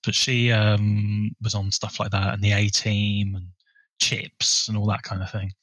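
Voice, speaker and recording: A man co-hosting a film podcast, measured and informative, steering the conversation. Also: on the low side, level tone, a bit bright, dry recording. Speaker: podcast co-host. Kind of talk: casual film chat.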